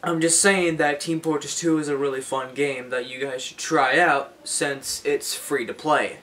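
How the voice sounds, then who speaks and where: Young male vlogger, fairly high voice, rambling, repetitive, lots of restarts. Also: steady tone, a little slow, a bit bright, a little hiss or hum. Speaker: YouTuber. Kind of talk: casual unscripted vlog talk.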